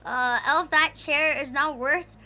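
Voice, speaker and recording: A woman's voice: high voice, fairly even intonation, slow pace, bright, forceful tone. A woman streamer in casual livestream chat, rambling, swearing a lot and breaking into giggles.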